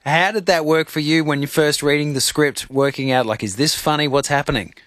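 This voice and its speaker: A man's voice: on the high side, a little fast, a bit bright, no echo. Upbeat radio host man. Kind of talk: breakfast radio chat.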